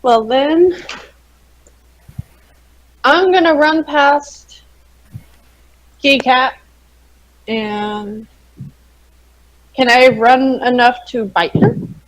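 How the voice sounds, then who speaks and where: A woman playing in a tabletop game over voice chat, unhurried and matter-of-fact. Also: sits high, low-quality recording. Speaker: player.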